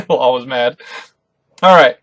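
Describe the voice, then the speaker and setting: A man hosting a live reaction, reading manga dialogue aloud and commenting excitedly between lines. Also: medium pitch, normal speed, no room sound. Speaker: reaction video host.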